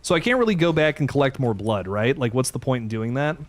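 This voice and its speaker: A man's voice: mid-range voice, fast talker. Jumpy man commentating a horror game. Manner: jumpy, excitable, swears when startled. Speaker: gaming channel host.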